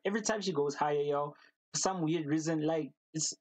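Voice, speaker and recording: A man's voice: on the high side, a little fast, dry recording, rough recording. Gushing slang-heavy man reacting. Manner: excitable, gushing, repeats slang fillers like yo and man. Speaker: reaction video host. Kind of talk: casual reaction commentary.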